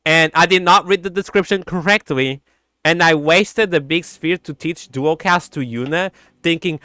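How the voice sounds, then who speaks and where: A man streaming in a casual chat, animated and giggly, breaking into sound effects. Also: fairly high pitch, moderate pace, clear, resonant tone, dry recording.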